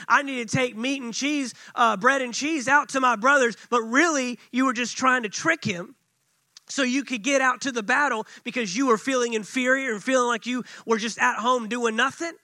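Jealous older brother, accusing, scolding, high and bright, as a man puts him on in a sermon. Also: dry recording, heavily acted. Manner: scolding, accusing string of questions.

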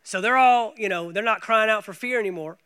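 A man preaching a sermon as pastor, emphatic and repetitive, swinging from hushed lines to loud ones. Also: sits high, brisk, clean tone. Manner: emphatic, swings from quiet to loud, repeats phrases.

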